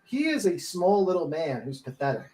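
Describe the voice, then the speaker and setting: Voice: medium pitch, very animated, moderate pace, dark tone. A speaker in a casual panel chat, talking bluntly and opinionatedly, swearing freely and laughing often.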